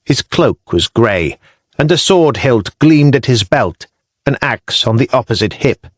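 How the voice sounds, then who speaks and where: Man, audiobook narrator, lively intonation, measured storytelling, dry close studio sound. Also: mid-range voice, dry recording. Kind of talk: scripted narration.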